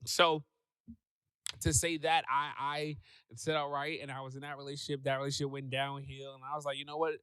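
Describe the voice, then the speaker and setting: A man, a guest on a talk show, telling a personal story in a lively way and acting out what people said. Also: mid-range voice, brisk, clean tone, dry recording. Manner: animated, acts out quoted voices. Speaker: podcast guest.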